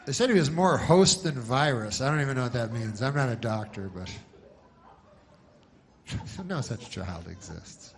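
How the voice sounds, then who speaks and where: A male stand-up comedian telling jokes in a deadpan, rambling way, full of restarts and filler. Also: mid-range voice, normal speed, creaky, pauses often.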